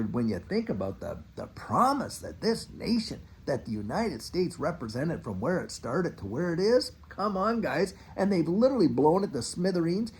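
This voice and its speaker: A middle-aged finance channel host ranting in a casual commentary monologue, now and then mocking officials in a put-on voice. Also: mid-range voice. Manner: animated, ranting, mock-quoting officials.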